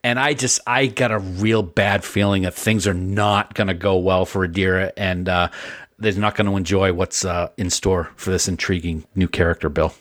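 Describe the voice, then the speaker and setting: A man's voice: low-pitched, fairly even intonation, moderate pace, fairly bright tone. A man co-hosting a podcast, talking in an earnest, enthusiastic way. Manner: enthusiastic, earnest fan praise. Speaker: podcast co-host. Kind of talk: casual podcast chat.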